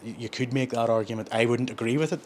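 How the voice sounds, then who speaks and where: A man's voice: medium pitch, steady tone, fast talker, a little mellow, slight background noise. A man, chatting casually between sets in a gym and rambling through his explanations with plenty of self-corrections. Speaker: gym vlogger.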